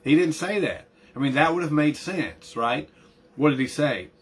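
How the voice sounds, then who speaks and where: A man's voice: a little high, lively intonation, moderate pace, husky. A middle-aged man preaching a conversational sermon as pastor, often repeating words and building emphasis.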